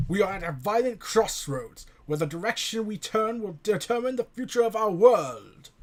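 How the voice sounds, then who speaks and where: A man voicing a stern male Russian leader giving a formal war speech, in a put-on Russian accent. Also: sits high. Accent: put-on stereotypical Russian.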